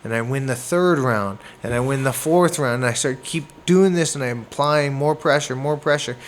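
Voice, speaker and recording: A man from Canada, a boxer, telling a fight story in a casual interview, animated and acting out moments with sound words. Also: medium pitch, moderate pace. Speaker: boxer guest.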